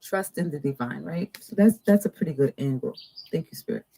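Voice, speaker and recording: Woman tarot reader hosting a live stream, very dark mellow tone, slow drawn-out card messages with chatty asides. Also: sits low, animated, creaky, breathy edge, poor audio. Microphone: two cameras.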